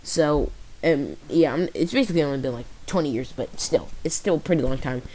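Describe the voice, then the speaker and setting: A man casually retelling a fan story, rambling and halting, full of fillers and restarts. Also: on the high side, warm tone, rough recording. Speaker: channel host.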